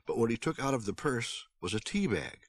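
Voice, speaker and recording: A man narrating a storybook aloud on his stream, with an expressive read-aloud delivery. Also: mid-range voice, fairly quick, husky, dry recording. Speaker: streamer reading a book aloud.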